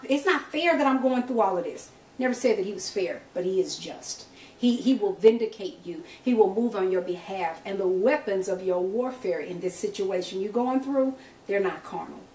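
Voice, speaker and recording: An older woman minister leading a prayer call, preaching with fervor, using colloquial phrasing and rising to emphatic exclamations. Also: mid-range voice. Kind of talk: preached exhortation. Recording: echoey distant call audio.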